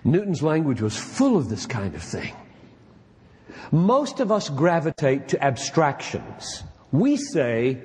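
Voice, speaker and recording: A man's voice: fairly high pitch, wildly swooping pitch, unhurried, pauses often, a little mellow, in a large hall. A man preaching to fellow pastors, exhorting them with emphatic rhetorical questions. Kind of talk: sermon-style lecture.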